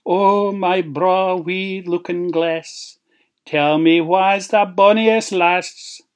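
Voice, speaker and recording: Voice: medium pitch, steady tone, drawn-out words, smooth, voice pushed up. A Scottish storyteller voicing a vain, furious wicked queen in a read-aloud fairy tale. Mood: haughty.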